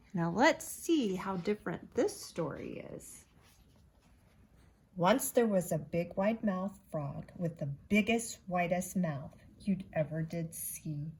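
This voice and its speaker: A woman teacher reading a children's picture book aloud, expressive and pausing to point out the pictures. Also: on the low side. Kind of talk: children's story read-aloud.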